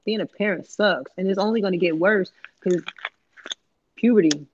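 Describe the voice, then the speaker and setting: A parent hosting a podcast, telling animated, slangy stories about the kids and acting out the family's lines. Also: mid-range voice, moderate pace, slightly rough, dry recording, muffled recording. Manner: animated, laughing, slangy, acts out family dialogue. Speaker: podcast host. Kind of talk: casual storytelling chat.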